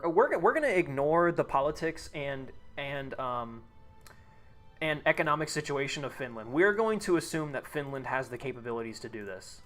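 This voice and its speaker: A man's voice: medium pitch, fairly bright tone. A young man streaming live, thinking aloud, reading chat and restarting sentences as he goes.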